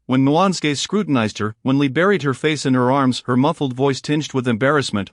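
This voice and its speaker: A man reading a novel aloud as narrator, in an even, measured storytelling manner. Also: medium pitch, no echo, clean studio sound. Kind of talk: audiobook reading of a romance novel.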